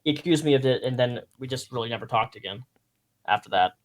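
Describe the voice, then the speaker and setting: A man's voice: medium pitch, fast talker. A man hosting a casual live stream, talking in hesitant, stammering bursts and chuckling as he goes.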